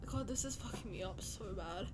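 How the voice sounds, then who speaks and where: A woman's voice: mid-range voice, animated, fairly quick, over music. A young woman streaming her reaction to a game, laughing through tears, swearing and talking expressively while crying. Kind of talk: live reaction stream, casual chat.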